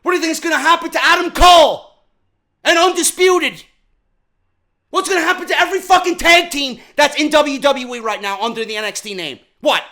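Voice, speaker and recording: A man from New York tears into a wrestling show in a profane rant. His voice sits very high and sounds sharp and bright, and he hammers the same questions again and again, rising to shouts. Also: a little fast. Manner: profane, heated, repeats questions, often shouting. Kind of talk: ranting show review.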